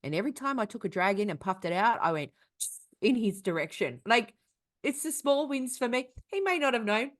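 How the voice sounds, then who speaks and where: A young woman tells a story on a casual podcast, swearing freely as she goes. Her pitch swings widely and expressively, in a relaxed conversational tone. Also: fairly quick. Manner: animated, profane storytelling. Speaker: podcast co-host. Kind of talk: casual chat.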